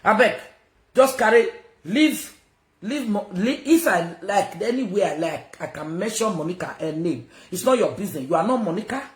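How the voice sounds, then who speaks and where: A woman's voice: medium pitch, lively intonation, normal speed. A confrontational Nigerian woman on a livestream rant, her voice leaping up and down as she talks. She mixes Pidgin into her speech. The room echoes around her. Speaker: social media personality.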